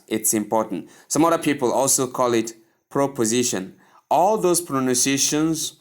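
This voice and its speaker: A man giving a pronunciation lesson, insistent and repeating words many times over. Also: mid-range voice. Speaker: English pronunciation teacher.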